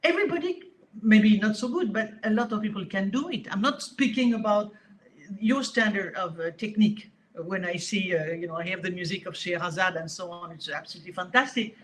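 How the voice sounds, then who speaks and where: A woman with a French accent, a harp teacher speaking in a casual interview, talking in an animated, emphatic way with frequent restarts. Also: mid-range voice, brisk, a little hiss or hum.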